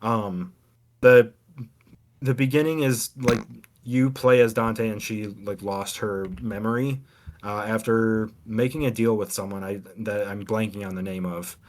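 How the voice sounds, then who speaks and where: A man's voice: fairly low pitch, fairly even intonation, unhurried, slight background noise. A man in casual chat on a gaming podcast, explaining a game demo, rambling with many restarts and fillers. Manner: rambling, hesitant, full of ums and restarts. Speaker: podcast co-host reviewing game demos.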